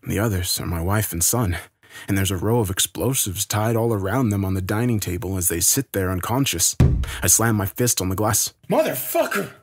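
A man narrating a horror story in a grave, steady way. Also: sits low, a little fast, noisy background.

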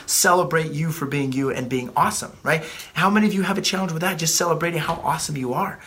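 A male life coach in his thirties delivers a blunt motivational talk, swearing freely and often doubling back on his words. His voice is bright and sits a little high for a man. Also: fast.

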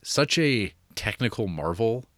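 A man's voice: lowish voice, lively intonation, a little slow, fairly bright tone, no echo, studio quality. Rambling man in casual podcast chat. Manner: rambling, laughing, many fillers and restarts. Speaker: podcast co-host.

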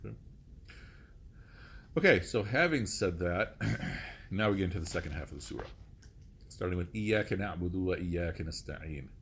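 A man's voice: deep voice, animated, rapid-fire, pauses often, a bit bright, slight background noise. A male teacher giving a classroom lecture, explaining step by step, often saying "okay" and quizzing his students with questions.

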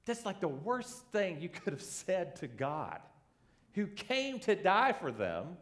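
Male pastor mid-sermon, high, lively delivery, acts out the quotes. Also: slow. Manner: animated, acts out quoted voices.

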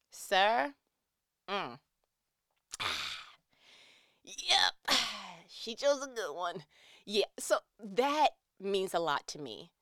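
A young adult woman in casual chat, animated and teary as she tells personal stories and acts out quoted lines. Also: medium pitch, no room sound, studio quality. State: tearing up.

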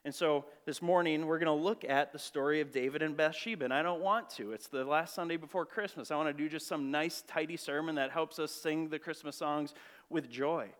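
Guy preaching in church, chatty earnest sermon style, voice a bit on the high side. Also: brisk, fairly bright tone. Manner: earnest, conversational preaching with rhetorical questions. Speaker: pastor.

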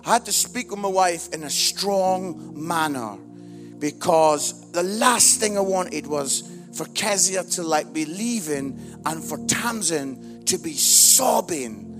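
A middle-aged man, telling a funny family story as a sermon, moving from hushed lines to shouted ones. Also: on the high side, lively intonation, takes it slowly, soft background music. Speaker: preacher.

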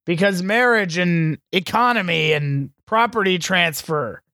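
A man's voice: high voice, unhurried, creaky, pushed and bright, dry recording, clean studio sound. A man co-hosting a podcast, chatting casually and profanely as he sarcastically recaps a movie. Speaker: podcast co-host.

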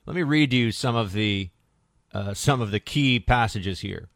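A man's voice: fairly low pitch, a little slow, fairly bright tone, no echo, clean studio sound. A man hosting a political talk radio show, sarcastic and combative, reading press quotes aloud.

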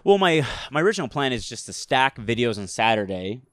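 A man's voice: medium pitch, a little fast, no echo. Casual male podcast host, dry sound. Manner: rambling, animated storytelling with slang.

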